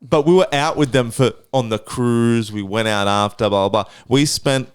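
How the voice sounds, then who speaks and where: A man, a podcast co-host telling travel stories in casual chat, animated and full of swearing. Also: mid-range voice, normal speed, clear, resonant tone, no echo, clean studio sound. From Australia. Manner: animated, swears a lot, acts out voices in anecdotes.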